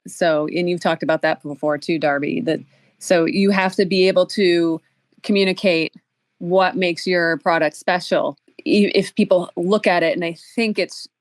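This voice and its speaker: A woman's voice: fairly low pitch, fairly even intonation, normal speed, no room sound. A woman co-hosting a podcast in casual chat, giving thoughtful advice to other makers. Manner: thoughtful, gives advice with fillers and restarts. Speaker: podcast co-host.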